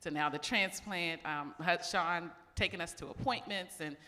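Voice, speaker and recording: A woman's voice: fairly low pitch, normal speed, pushed and bright. A middle-aged woman, an event organizer, giving heartfelt closing thank-yous at a summit. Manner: heartfelt, grateful. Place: large event hall. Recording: reverberant hall.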